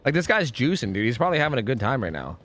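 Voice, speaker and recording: Lively young male game streamer. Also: mid-range voice, racing. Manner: rambling, swears a lot, swings between groans and excited outbursts. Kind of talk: live gameplay commentary.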